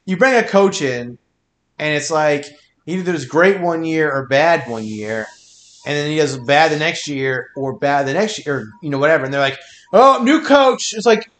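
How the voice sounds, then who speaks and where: Guy hosting a podcast, kinda high voice, laughs a lot, swears, echoey room. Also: moderate pace, a bit bright. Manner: laughs often, swears freely. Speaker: podcast host. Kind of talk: casual chat.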